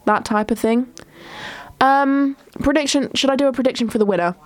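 A woman's voice: sits high, fairly quick, dry recording. A young woman, hosting a casual solo chat show, rambling with lots of ums and restarts. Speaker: podcast host.

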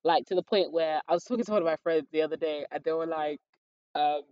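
A young woman, telling her own exam story in a casual, animated way and acting out her thoughts. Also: low voice, fast talker, dull audio, a little hiss or hum. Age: young adult. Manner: animated, acts out her own thoughts and others' lines with slangy asides.

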